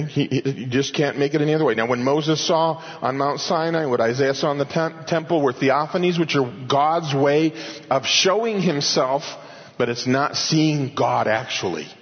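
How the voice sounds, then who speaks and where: A man preaching an expository sermon in earnest, slowing down and rising in pitch to stress key points. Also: breathy edge. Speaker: pastor. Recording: dull audio with long hall reverb.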